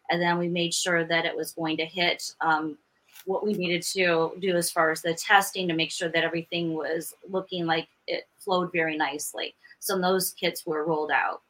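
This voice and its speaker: A woman in her fifties, a veteran teacher and podcast guest, telling her story in an earnest, steady way. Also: on the low side, poor audio. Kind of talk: casual interview talk.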